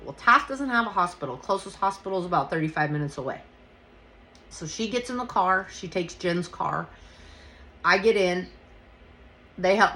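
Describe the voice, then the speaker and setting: A woman hosting a podcast, telling a story casually, swearing freely and acting out what she said. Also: mid-range voice. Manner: profane, animated retelling with quoted exclamations. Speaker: podcast host.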